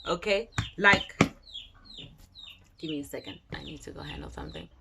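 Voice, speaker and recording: A woman's voice: low voice, huge pitch swings, normal speed, very noisy. A woman giving a casual tarot reading, chatty and slangy, swearing now and then. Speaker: tarot reader.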